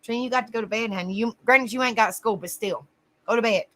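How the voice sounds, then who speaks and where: A woman's voice: on the high side, fast talker, bright, forceful tone. A woman hosting a casual livestream, greeting viewers by name and calling them honey. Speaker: livestream host.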